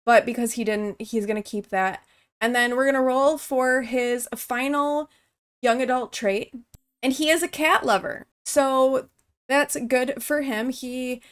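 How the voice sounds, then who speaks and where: A woman hosting a game video, chatting casually and explaining each step aloud as she plays. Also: high-pitched. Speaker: gaming channel host. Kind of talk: let's-play commentary.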